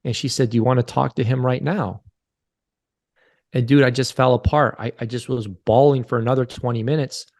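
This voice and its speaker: A man's voice: medium pitch, fairly even intonation, fairly quick, a little mellow. Podcast guest, man in his forties, earnest and confessional storyteller who repeats himself, mid-range voice. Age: 40s. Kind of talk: candid interview storytelling.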